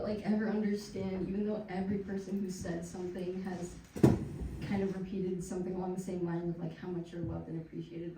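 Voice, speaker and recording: A woman friend giving an earnest tribute to the graduate. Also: on the low side. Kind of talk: heartfelt casual speech. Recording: echoey room, from far off, noisy.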